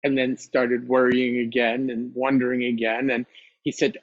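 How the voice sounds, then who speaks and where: A man at mid pitch tells a meditation teaching story in a calm, reflective way. He laughs softly now and then. The sound is close and dry, with a slightly dull, lo-fi edge. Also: no room sound. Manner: unhurried, reflective, with soft laughs. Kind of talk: storytelling dharma talk.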